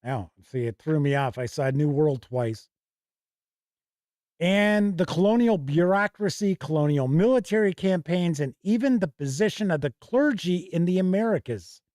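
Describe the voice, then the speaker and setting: A man's voice: on the high side, expressive, normal speed, a little mellow, no echo, clean studio sound. A middle-aged man hosting a casual livestream, reading passages aloud from old game books and correcting himself as he goes. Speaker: host.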